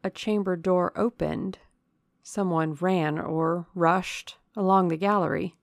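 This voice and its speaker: Brief: woman narrator, slow and measured, gravelly low voice, dry recording. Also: fairly even intonation, dry recording. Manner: measured, dramatic reading. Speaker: audiobook narrator. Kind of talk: scripted narration of a classic novel.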